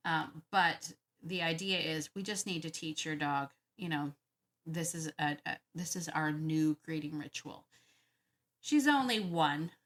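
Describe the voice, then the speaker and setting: A woman hosting a dog-training Q&A, talking casually and thinking out loud with frequent laughs. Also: sits low, unhurried. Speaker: dog trainer podcast host. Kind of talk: casual Q&A monologue.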